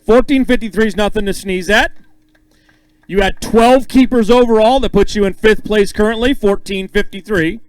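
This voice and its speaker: A man emceeing a bass-fishing weigh-in on an outdoor stage, upbeat and joking with the anglers as he calls out names and weights. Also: moderate pace, dry recording, low-quality recording. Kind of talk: live emcee announcing with banter.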